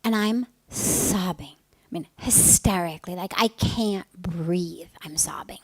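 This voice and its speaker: A woman's voice: on the low side, takes it slowly, no echo. Earnest middle-aged woman spiritual teacher. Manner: earnest, emphatic, often softening to a breathy hush. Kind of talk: personal story in a spiritual talk.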